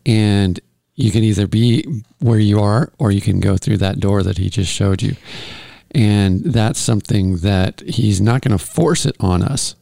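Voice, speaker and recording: A man co-hosting a faith talk show, animated and acting out quotes. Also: lowish voice, unhurried, creaky, no echo.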